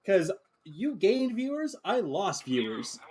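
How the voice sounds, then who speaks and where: Male co-streamer, teasing, crude jokes, lively swinging pitch, loud noise underneath. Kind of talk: joking live-stream banter.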